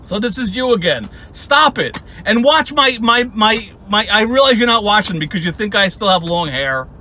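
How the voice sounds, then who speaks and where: A man's voice: high-pitched, expressive, normal speed, sharp tone, a little hiss or hum. A young man hosting his channel, ranting at someone in sarcastic, profane commentary and laughing often. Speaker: channel host.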